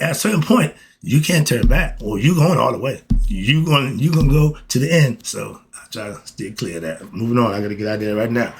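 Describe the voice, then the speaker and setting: A man's voice: medium pitch, slightly rough. A middle-aged man in a casual spiritual monologue who talks straight to the listener and keeps asking and answering his own questions. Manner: preachy, repeats "why?" and "okay?", talks to listener directly. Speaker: podcast host.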